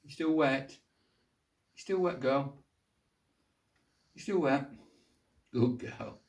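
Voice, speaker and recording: A man's voice: mid-range voice, very slow, a little mellow. An older man at home talking to his pet bird in coaxing, affectionate baby talk. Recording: roomy sound, distant from mic.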